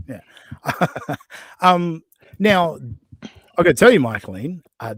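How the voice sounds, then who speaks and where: A man's voice: on the high side, slightly rough, dry recording. A man hosting a podcast, mocking and profane as he reacts to clips in casual chat. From Australia. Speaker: podcast host.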